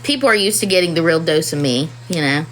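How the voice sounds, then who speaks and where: A woman's voice: sits low, lively intonation, fast talker, faint music behind, rough recording. Candid rambling mother talking to camera. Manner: candid and rambling, many "you know"s. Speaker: mother of four. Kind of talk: casual personal talk to camera.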